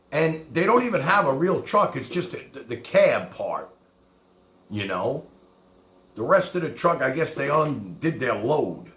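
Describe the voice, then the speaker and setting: A man's voice: medium pitch, a bit bright, echoey room. A man from New York with a New York accent, telling rambling, profane stories in casual talk as a streamer. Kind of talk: casual storytelling.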